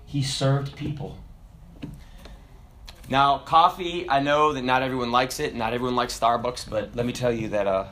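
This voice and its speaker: A man preaching a sermon in an animated way, swinging from loud exclamations to hushed asides. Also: mid-range voice, normal speed, slight background noise.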